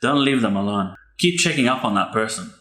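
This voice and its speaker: A man's voice: mid-range voice, lively intonation, a little fast, pushed and bright. A man, a pastor's son hosting a podcast, giving earnest, heartfelt advice about grief. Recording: echoey room.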